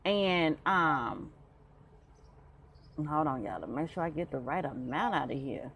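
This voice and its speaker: Animated woman host, casual storytelling, lively pitch, faint background noise. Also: unhurried. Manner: animated, colloquial, talks straight to listeners. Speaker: podcast host.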